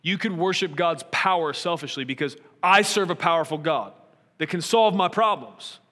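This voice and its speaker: A man's voice: a little high, expressive, moderate pace, sharp tone, in a large hall. A man preaching a sermon, earnest and probing, asking his listeners pointed rhetorical questions.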